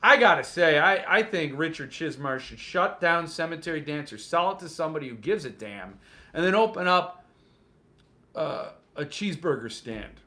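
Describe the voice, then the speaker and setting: Animated, bright-voiced man hosting a show. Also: fairly high pitch, normal speed. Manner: playful, joking, animated. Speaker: host of a book collecting show. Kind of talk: casual live-stream chat reading comments.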